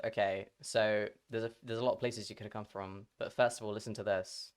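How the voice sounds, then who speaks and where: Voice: mid-range voice, steady tone, fairly quick, clean tone. A livestreamer chatting casually with viewers, joking, swearing freely and slipping between accents. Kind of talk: casual live-stream chat.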